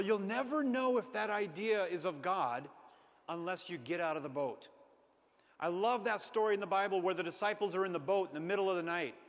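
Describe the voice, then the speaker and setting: A male preacher telling a story in dramatic sermon style, moving from loud exclamations to hushed asides. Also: high-pitched. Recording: long hall reverb.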